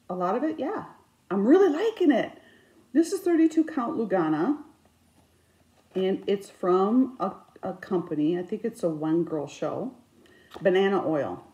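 A woman in her fifties chatting casually about her crafts, with self-mocking, animated storytelling. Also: medium pitch, muffled recording. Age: 50s. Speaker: cross-stitch vlogger. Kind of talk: casual chat. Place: indoors, her craft room. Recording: echoey room.

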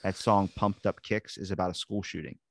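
A man with a fairly low voice rambles through a casual podcast chat, cursing freely and slipping into voices as he retells scenes. The sound is close and dry, with no room around it. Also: fairly even intonation, a little fast, no room sound. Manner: rambling, profane, acts out voices in stories. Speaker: podcast co-host.

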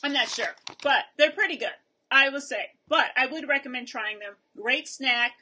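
A woman's voice: high voice, moderate pace, bright, forceful tone, slight background noise. A woman hosting a casual video review of a snack, chatting while she tastes and chews on camera. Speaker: vlog host reviewing snacks.

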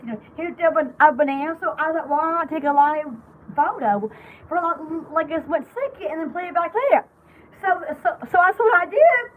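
A young woman chatting to her viewers on a casual live stream, giggly and rambling from one thing to the next. Her voice sits very high and swoops up and down a lot, with a faint hiss of noise behind it. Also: phone-quality sound. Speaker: live-stream jewelry party host.

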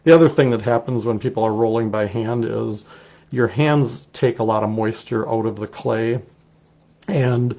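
A middle-aged man with a Wisconsin accent walks through a clay project step by step. His voice has a gravelly edge, and he talks in a relaxed, chatty way as he works. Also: mid-range voice. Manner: relaxed, chatty, explains while working. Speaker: clay artist teaching a technique. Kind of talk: casual live demonstration.

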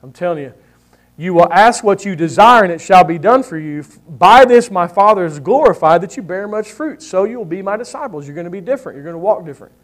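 A man's voice: high-pitched, lively intonation, quick pace. A man preaching a sermon as pastor, repeating his key lines for emphasis and asking the congregation how many of them know it. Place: church sanctuary.

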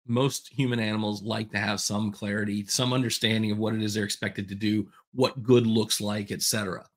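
A man with a lowish voice and little pitch movement talks fairly quickly while hosting a solo podcast. He's candid, casual and self-deprecating, wandering into rambling asides.

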